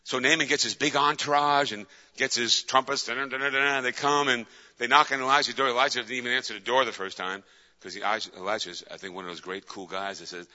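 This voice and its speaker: Fervent preacher in a reverberant hall. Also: male voice, medium pitch, fairly even intonation, fast talker, pushed and bright. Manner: fervent, dramatic storytelling with rhetorical questions. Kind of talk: sermon. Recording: dull lo-fi with long hall reverb.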